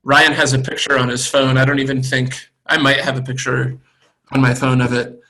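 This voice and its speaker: A man, a brewery co-owner, chatting on a video call in a relaxed, thoughtful way with many pauses and fillers. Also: mid-range voice, low-quality recording. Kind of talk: casual video call chat.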